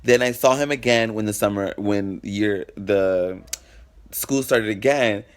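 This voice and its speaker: A man's voice: fairly low pitch, a little slow, clear, resonant tone. A man vlogging a personal story in a frank, profane, dramatic way, acting out what people said. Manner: acts out quoted exchanges. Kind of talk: casual storytelling.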